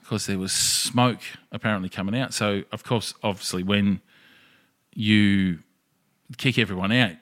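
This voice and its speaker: A man's voice: on the low side, fairly even intonation, measured pace, a bit bright. Laid-back, sweary Australian man. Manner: laid-back, swears and reads out news items. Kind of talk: casual chat.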